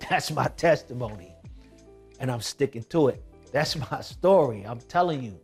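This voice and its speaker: A man telling a personal testimony in a vlog, moving from hushed tones to emphatic shouting. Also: mid-range voice, lively intonation, moderate pace, soft background music. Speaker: documentary vlogger.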